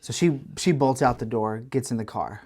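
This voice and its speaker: A man, co-hosting a podcast and telling a long story in a casual, animated way with lots of restarts. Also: mid-range voice, moderate pace, breathy edge. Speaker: podcast co-host. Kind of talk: casual chat.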